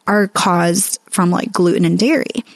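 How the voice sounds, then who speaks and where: A woman's voice: fairly low pitch, unhurried, no echo. A woman in her thirties co-hosting a podcast, talking earnestly and openly in casual chat and laughing easily. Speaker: podcast co-host.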